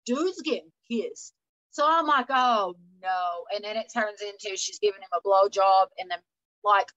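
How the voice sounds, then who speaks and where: A woman, a guest telling wild party stories in a loose, animated way. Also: mid-range voice, dry recording, highs cut off. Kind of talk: casual storytelling chat.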